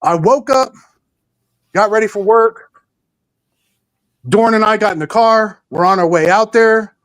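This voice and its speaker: A man telling a story in casual chat, relaxed and animated, acting out the lines of the people in it. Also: sits high, a little slow. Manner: relaxed, animated storyteller who acts out dialogue with "he's like" and "I'm like".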